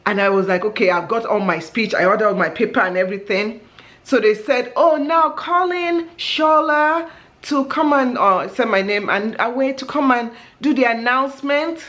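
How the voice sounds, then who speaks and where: A middle-aged woman, telling a story in an animated way as a vlog host, laughing often and acting out her exclamations. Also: on the high side, moderate pace.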